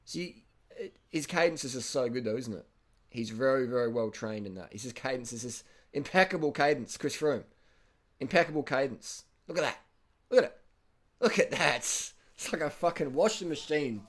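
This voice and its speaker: An Australian man casually commenting over race footage, blunt and excitable, swearing and repeating himself. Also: mid-range voice, moderate pace. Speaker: cycling video host.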